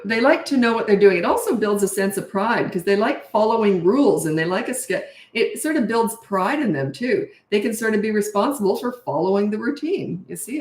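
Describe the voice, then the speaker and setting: A woman's voice: mid-range voice, roomy sound. A woman in her sixties, a parenting coach answering viewer questions in a frank, conversational live-stream Q&A. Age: 60s.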